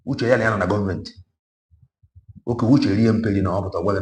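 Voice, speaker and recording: A man's voice: lowish voice, fairly even intonation, quick pace, darkish tone, a little hiss or hum. A man with a Nigerian Igbo accent giving an impassioned political monologue, moving between Igbo and English with emphatic repetition. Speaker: online political commentator.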